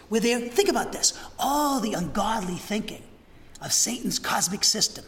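A high-pitched, fiery male preacher delivers an animated sermon, his voice leaping up and down as he moves from shouted passages to near-whispered asides. His tone is bright and sharp, and the long reverb of a church sanctuary trails every phrase. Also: moderate pace. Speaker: pastor.

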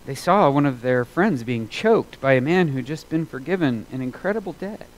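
A man preaching a sermon as a pastor, earnest and emphatic, repeating phrases for weight and moving between loud and hushed delivery. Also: mid-range voice, animated, moderate pace, poor audio.

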